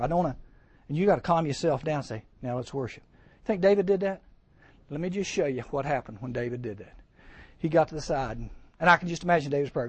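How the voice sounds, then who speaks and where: A man preaching a sermon to teens, lively and joking, acting out voices and asking the crowd questions. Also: fairly high pitch, no echo. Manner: lively, acts out voices, jokes, rhetorical questions. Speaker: camp speaker.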